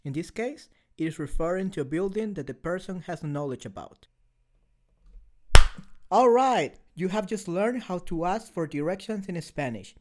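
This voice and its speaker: A male language teacher giving a measured, scripted lesson explanation. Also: sits high, lively intonation, a little mellow.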